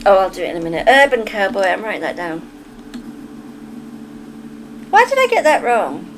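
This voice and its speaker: A woman's voice: mid-range voice, wildly swooping pitch, fast, slight background noise, low-quality recording. An English woman streaming live, chatting casually with her viewers, giggly and self-deprecating, often laughing. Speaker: livestreamer reading chat. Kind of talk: casual livestream chat.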